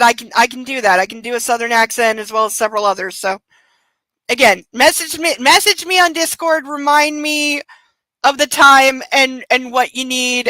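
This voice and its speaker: A woman's voice: sits high, bright, forceful tone, no room sound, rough recording. A woman hosting a book club livestream, talking in a blunt, profane, emphatic way. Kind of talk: casual livestream commentary.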